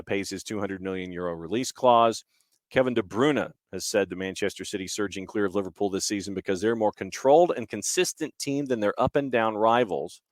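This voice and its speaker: A man with a lowish voice hosts a casual soccer news roundup. He reads headlines and slips in quick offhand asides, with plenty of fillers. The sound is dry and close. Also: no echo. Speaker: podcast host.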